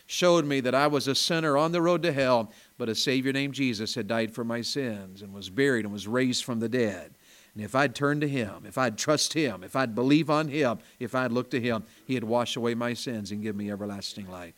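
A man with a Southern accent from Tennessee preaching a sermon in a small church. He tells a story in a folksy way, dropping to quiet asides and then climbing to loud, emphatic bursts. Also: mid-range voice, normal speed. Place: small church during a service.

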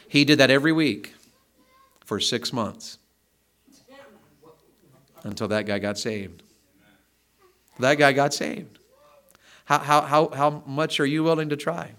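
A man's voice: medium pitch, fairly even intonation, slow pace, long pauses, fairly bright tone. A man preaching a sermon, fervent and emphatic, driving home repeated phrases.

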